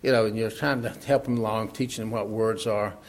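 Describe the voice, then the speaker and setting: A middle-aged man preaching in a relaxed, conversational way, laughing often and asking rhetorical questions. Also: lowish voice, brisk. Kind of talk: sermon.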